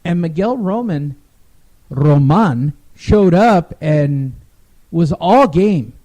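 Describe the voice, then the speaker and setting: A man's voice: sits high, lively intonation, slow pace, mellow. A man co-hosting a casual sports talk show, recapping fights in a wry, rambling way. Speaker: podcast co-host.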